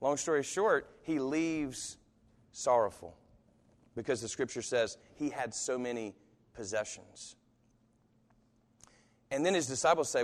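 A man's voice: mid-range voice, measured pace, pauses often. A man preaching a sermon in a casual, conversational way, acting out the voices of the people he quotes. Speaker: pastor. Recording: long hall reverb.

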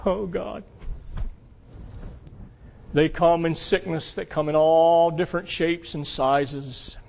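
A man preaching a sermon to his congregation, emphatic and asking them rhetorical questions, swinging between loud peaks and quiet asides. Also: fairly high pitch, steady tone, takes it slowly, gravelly. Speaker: pastor.

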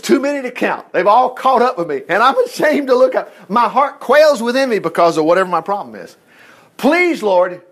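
A man gives an informal Bible lesson. His voice sits high for a man and swings widely in pitch. He jumps between reading scripture and excited asides of his own. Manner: animated, reads scripture aloud with asides. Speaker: Bible teacher.

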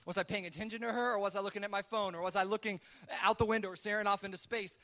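High, bright-voiced man preaching casually. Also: racing. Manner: casual, storytelling delivery with lively acted asides. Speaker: pastor. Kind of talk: conversational sermon.

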